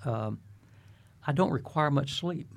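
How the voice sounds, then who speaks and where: An older man and retired pastor talks as a guest in an interview, earnest and preacherly. His voice sits at an everyday pitch. He often stumbles over his first words before a thought comes out. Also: animated, a little slow, vocal fry. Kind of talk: reflective interview talk.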